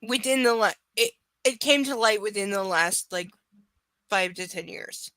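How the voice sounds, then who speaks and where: A woman's voice: medium pitch, moderate pace, fairly bright tone, dry recording. A woman reading a novel aloud live, breaking off for sarcastic, profane asides. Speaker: live book reader. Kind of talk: casual live reading with commentary.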